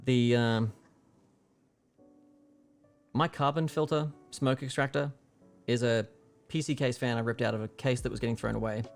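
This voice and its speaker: A man's voice: mid-range voice, steady tone, moderate pace, long pauses, soft background music. A young man casually explaining a keyboard build on a livestream, rambling with lots of fillers. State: hiccuping.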